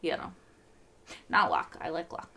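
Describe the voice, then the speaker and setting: A young woman talks through a TV episode she just watched, in a casual, excitable reaction-video style. Her voice is bright and forward, and her speech comes in chatty bursts full of asides. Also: sits low, a little slow, vocal fry.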